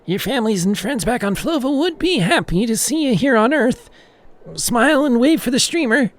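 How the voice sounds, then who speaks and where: A man's voice: extremely high pitch, lively intonation, moderate pace, voice pushed up. A man voicing a weary male alien streamer operator who talks with forced cheer.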